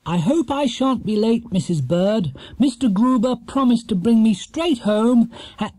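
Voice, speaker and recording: A man's voice: extremely high pitch, animated, unhurried, warm tone, no echo, pitched above the performer's own voice, full character voice. A man voicing a polite, earnest young male bear in a storybook reading.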